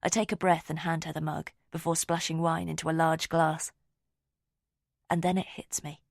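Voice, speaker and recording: A woman narrating a first-person audiobook in a quiet, measured, intimate way. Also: sits low, flat delivery, gravelly, no echo, clean studio sound.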